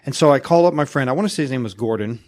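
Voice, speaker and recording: A man's voice: medium pitch, lively intonation, very fast, darkish tone. A man from Texas, speaking in a put-on mix of Scottish, Irish and Welsh accents, chatting playfully in a sing-song way as a guest. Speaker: guest, Renaissance fair performer. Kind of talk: casual chat in character.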